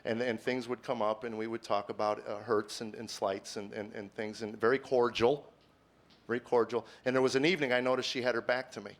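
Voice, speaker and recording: On stage before a live crowd, a middle-aged comedian does earnest, confessional stand-up, tripping over repeated words. He alternates between hushed reflection and forceful, sermon-like points. His medium-pitched voice stays steady in tone and moves fairly quickly.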